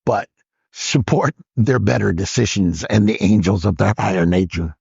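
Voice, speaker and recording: An older man, a comedian guest, telling stories in casual chat, laughing often and jumping into loud high voices when he quotes people. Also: normal speed, creaky, slightly rough, no echo, muffled recording.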